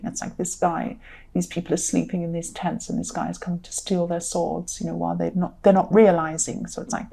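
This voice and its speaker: A tired woman with a croaky voice, giving a rambling tarot reading and repeating herself often. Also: lowish voice, level tone, brisk, mellow. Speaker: tarot reader.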